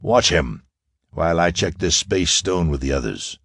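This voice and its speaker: A man doing a smooth half-Martian villain in an audiobook, gloating with quiet, ironic menace. The voice sits very low and drawn-out, with a rich rise and fall. It is recorded close and dry. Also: expressive, no room sound, full character voice. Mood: cold. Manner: ironical, soft-spoken menace.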